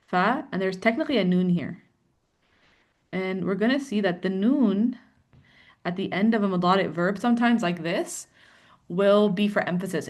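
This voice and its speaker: A woman leads an online Arabic grammar class, explaining points patiently. She keeps encouraging her students with short words of approval. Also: medium pitch. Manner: encouraging, explains patiently with frequent "yeah" and "good".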